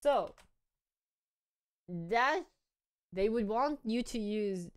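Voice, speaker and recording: Lively, smooth-voiced young woman streamer. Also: on the high side, drawn-out words, pauses often. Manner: chatty, playful, thinking aloud while trying things out. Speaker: live streamer. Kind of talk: casual live-stream chat.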